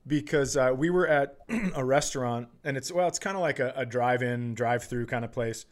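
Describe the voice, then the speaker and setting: A man's voice: mid-range voice, normal speed. A man hosting a podcast, chatting casually and telling a profane story while acting out quotes. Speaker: podcast host.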